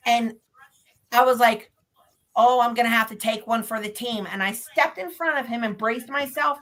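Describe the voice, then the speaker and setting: A woman with a bright, fairly high voice tells a spooky story. She is animated and laughs easily, and she acts out the people in her story. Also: poor audio. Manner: lively, laughs often, acts out others' lines. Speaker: paranormal investigator guest.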